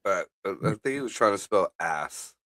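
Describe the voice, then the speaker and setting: A man co-hosting a live stream, throwing in deadpan, profane jokes. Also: low-pitched, normal speed, a little hiss or hum. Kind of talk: crude casual banter.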